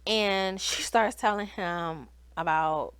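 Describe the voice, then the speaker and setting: A woman's voice: mid-range voice, takes it slowly, fairly bright tone, clean tone, no echo. A woman, chatting animatedly to her viewers as she recaps and reviews a reality TV episode. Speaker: TV show reviewer. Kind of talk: casual recap commentary.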